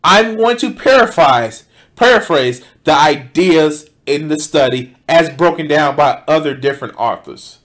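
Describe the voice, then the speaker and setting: Excitable high-pitched man ranting at a video. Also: measured pace. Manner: animated, profane, interrupting with sudden loud outbursts; reads out donation thanks. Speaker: streamer reacting to a video. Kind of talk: casual reaction commentary.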